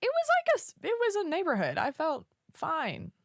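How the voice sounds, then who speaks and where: A young woman from Oklahoma co-hosting a podcast, telling a story in casual chat. She is an animated storyteller who swears casually. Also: very high-pitched, normal speed, dry recording, clean studio sound. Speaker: podcast co-host.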